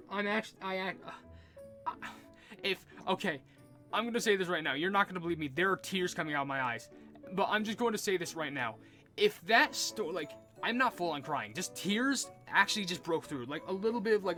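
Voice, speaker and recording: A man's voice: sits high, pushed and bright. Young man rambling through game commentary. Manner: rambling, full of likes, earnest and emotional. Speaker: gaming YouTuber. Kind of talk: casual gameplay commentary.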